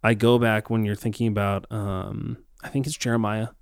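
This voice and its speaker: A man co-hosting a casual faith discussion, talking reflectively with many pauses and ums. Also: lowish voice, flat delivery, gravelly, smooth, dry recording, clean studio sound.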